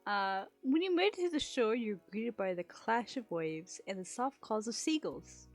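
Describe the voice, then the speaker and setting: A woman's voice: a little high, expressive, normal speed, faint music behind. Chatty woman streamer reading a game aloud. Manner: chatty, laughs and swears between lines. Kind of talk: reading a visual novel aloud on a live stream.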